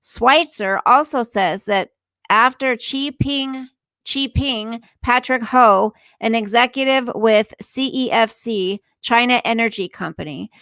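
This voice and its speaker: A woman's voice: fairly high pitch, a bit bright, no echo. A woman hosting a casual livestream, ranting indignantly, swearing, and reading news aloud to her viewers. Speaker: livestream host.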